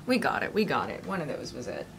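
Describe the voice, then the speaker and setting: A woman's voice: deep voice, huge pitch swings, fast, vocal fry, noisy background. A woman audiobook narrator talking casually to herself between takes at home, swearing freely.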